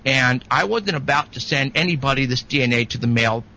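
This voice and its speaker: Male guest, rambling storyteller: gravelly texture, bright edge, lots of restarts. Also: medium pitch, fairly quick, slight background noise, low-quality recording. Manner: rambling, animated, many restarts. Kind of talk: casual storytelling.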